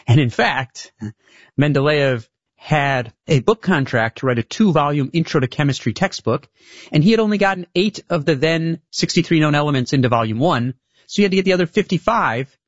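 A man's voice: mid-range voice, no room sound, highs cut off. A man being interviewed as an author, explaining ideas in a thoughtful, conversational way. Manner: explanatory, thoughtful, with occasional laughs. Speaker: author guest.

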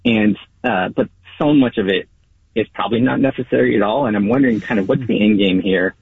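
A man's voice: mid-range voice, lively intonation, brisk, creaky, breathy edge, dry recording. A man calling in to a radio show, musing reflectively with filler words. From San Francisco Bay Area. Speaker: caller. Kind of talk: call-in radio comment. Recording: tinny dry phone line.

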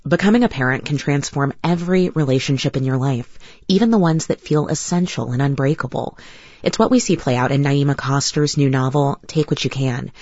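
A woman's voice: rumbling low, fairly quick, darkish tone, no room sound. A woman hosting a radio news program, reading a scripted introduction and asking an author thoughtful questions. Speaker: radio show host. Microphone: studio mic, dry. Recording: slightly dull lo-fi broadcast sound.

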